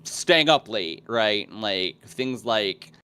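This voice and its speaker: A man's voice: lowish voice, expressive, slow pace, pushed and bright, smooth. A man in his forties co-hosting a podcast, chatting casually in a blunt, joking, self-mocking way. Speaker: podcast co-host. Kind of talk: casual chat.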